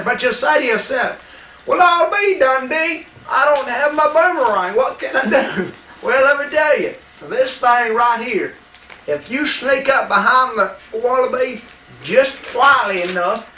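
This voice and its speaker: A boastful hunter, as a man puts him on, tells tall tales. His voice sits very high and rings bright. It is recorded in an echoey room with the mic set far off. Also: animated, unhurried, a little hiss or hum, exaggerated voice. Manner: tall-tale bragging, mock-serious demonstrating. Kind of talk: comedy sketch.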